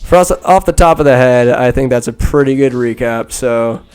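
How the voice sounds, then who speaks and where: A man hosting a podcast, telling a movie recap in a rambling, animated way and acting out the characters' lines. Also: medium pitch, normal speed, clean tone, faint music behind. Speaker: podcast host. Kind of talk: casual solo movie recap.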